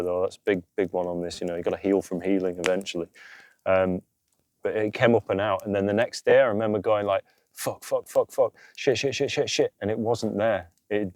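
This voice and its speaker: A fairly low, slightly mellow male voice belongs to a podcast co-host talking around a campfire outside. He speaks sincerely about emotional healing in a casual spiritual chat, cursing freely and often tacking on "you know," and there's no echo.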